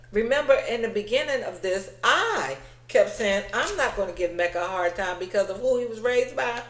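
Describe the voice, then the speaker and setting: A woman with a mid-pitched voice talks through a reality TV episode in a blunt, sassy way, dropping into other people's lines as she retells the scenes. She's recorded in a noticeably echoey room. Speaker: reality TV recap commentator. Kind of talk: casual recap commentary.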